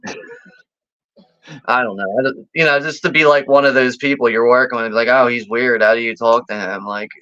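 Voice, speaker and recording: A man's voice: mid-range voice, fairly quick, bright, forceful tone, no room sound. A man co-hosting a casual chat, laid-back and full of fillers, chuckling as he talks. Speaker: co-host. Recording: dull lo-fi dry sound.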